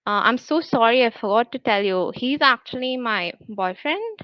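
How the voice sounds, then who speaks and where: A woman's voice: fairly high pitch, expressive, moderate pace, slight background noise, close to an everyday voice. A woman voicing a cheerful young woman who talks about murder in a matter-of-fact, chatty way, on a dull lo-fi recording. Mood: breezy.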